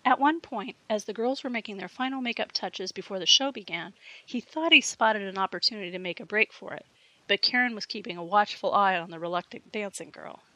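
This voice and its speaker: A woman reading a fiction audiobook with steady storytelling narration. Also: mid-range voice, brisk, no room sound, poor audio.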